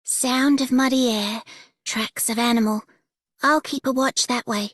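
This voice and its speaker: An actress voicing a young woman game character on watch, in an attempted Australian accent with slow, drawn-out vowels. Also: fairly high pitch, fairly even intonation. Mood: watchful.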